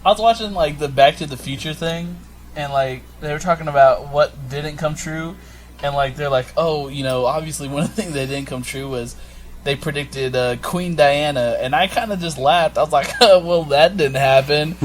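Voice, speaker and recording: A man's voice: a little high, normal speed. A young man co-hosting a casual podcast chat, rambling and laughing often as he mimics the people he talks about. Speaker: podcast co-host.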